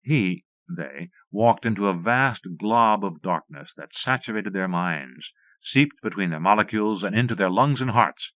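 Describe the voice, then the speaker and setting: A man reading a horror fantasy story aloud in measured, steady narration. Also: lowish voice, dry recording. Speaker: audiobook reader. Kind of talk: scripted narration. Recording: muffled dry cassette recording.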